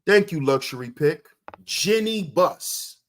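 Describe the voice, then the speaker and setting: A man hosting a livestream, ranting loudly and crudely at his chat, firing off rhetorical questions and answering them himself. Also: fairly high pitch, animated, slow. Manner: loud, confrontational, profane, often shouting. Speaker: livestream host. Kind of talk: ranting commentary to live chat.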